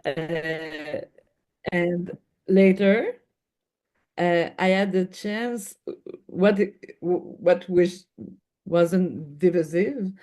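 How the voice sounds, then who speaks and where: This is a woman with a Québécois French accent whose first language is French, speaking as a guest in an interview. She talks slowly and hesitantly, often restarting as she looks for the right English word. Her voice is warm and mellow. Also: on the low side. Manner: hesitant, searching for words with restarts. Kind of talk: interview conversation.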